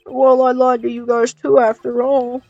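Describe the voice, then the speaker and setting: A woman's voice: high voice, little pitch movement, normal speed, a little mellow, no echo, soft background music. A woman voicing an eager young male rookie detective who talks earnestly and stammers now and then. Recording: dull dry lo-fi recording.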